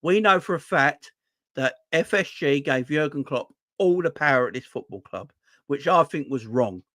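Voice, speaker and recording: A man's voice: fairly high pitch, expressive, normal speed, a bit bright, dry recording, clean studio sound. A young man with a London accent chatting casually on his fan channel, speaking emphatically and repeating points, with rhetorical questions to his viewers. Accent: Southern English (London). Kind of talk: casual livestream chat.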